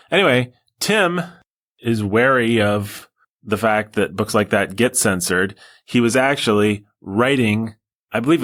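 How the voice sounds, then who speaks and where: A man hosts a podcast on his own, speaking in a fairly low voice. He talks casually and wanders off on tangents. His asides turn dry and sarcastic. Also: fairly bright tone. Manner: wry and digressive, with sarcastic asides. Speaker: podcast host. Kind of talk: casual solo podcast monologue.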